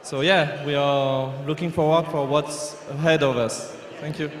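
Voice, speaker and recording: A man from France with a French accent thanking the audience in halting English. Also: on the high side, flat delivery. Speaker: award winner. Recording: echoey hall, faint noise.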